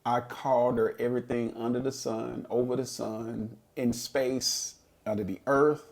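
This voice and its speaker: A man's voice: mid-range voice, flat delivery, unhurried, creaky, a little mellow. A middle-aged man and podcast co-host, telling a personal story in an earnest, reflective way during a casual chat.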